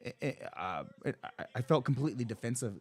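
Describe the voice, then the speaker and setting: A man in his thirties tells a story on a podcast in loose, casual chat. He rambles, swears freely and restarts his sentences often, his pitch sitting in an ordinary middle range. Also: animated, fast, husky. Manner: rambling, profane, many restarts and fillers. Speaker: podcast guest.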